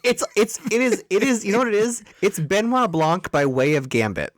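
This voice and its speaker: A man's voice: sits high, animated, moderate pace, no echo, clean studio sound. Wry male podcast co-host. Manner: wry, retells scenes with quoted asides. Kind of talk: casual chat.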